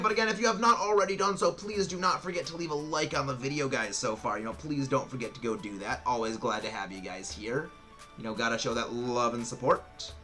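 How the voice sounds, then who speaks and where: A male streamer giving excitable, rambling commentary while he plays a game, restarting his sentences often. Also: mid-range voice. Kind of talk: casual gameplay commentary.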